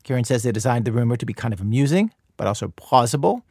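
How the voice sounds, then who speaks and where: A man's voice: medium pitch, animated, fast, a little mellow, husky, no echo. A man hosting a public radio story program, in scripted narration with a conversational, dry delivery. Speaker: radio show host.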